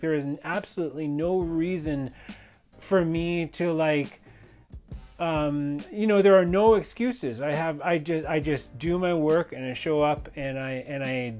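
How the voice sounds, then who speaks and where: A man's voice: fairly high pitch, darkish tone. A man telling a personal story in an intense, emphatic monologue, rambling with many fillers and restarts. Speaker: fitness and yoga instructor sharing personal stories.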